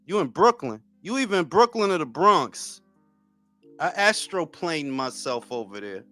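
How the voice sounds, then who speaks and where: A man's voice: fairly high pitch, very animated, a little slow, sharp tone, faint music behind. A man in his forties hosting a boxing talk livestream, chatting casually with viewers in loose, profane, joking banter. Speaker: boxing talk show host.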